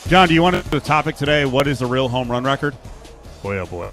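A man's voice: mid-range voice, expressive, fast, music in the background. A man hosting a casual sports radio show from a sportsbook, chatting, joking and reading live ads. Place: sportsbook broadcast booth.

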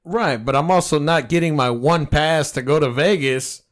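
A middle-aged man co-hosting a podcast, telling stories in casual chat, heavy on profanity and animated. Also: fairly high pitch, normal speed. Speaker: podcast co-host.

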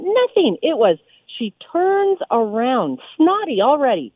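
A woman, a radio DJ, calling in to a sports radio show and telling stories with emphatic, animated delivery. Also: high voice, normal speed, dry recording. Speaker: radio DJ guest. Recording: tinny phone line.

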